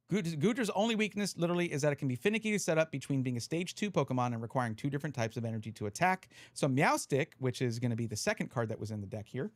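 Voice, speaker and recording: Hiccuping man on a dry close mic, chatty and animated, walking through a card deck. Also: mid-range voice, racing, hardly any pauses, dry recording. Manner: chatty, explains card rules while sorting. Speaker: streamer reviewing trading cards. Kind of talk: casual live-stream chat.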